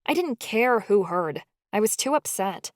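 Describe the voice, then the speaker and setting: Expressive woman audiobook narrator. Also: mid-range voice, measured pace, dry recording, clean studio sound. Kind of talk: first-person scripted narration.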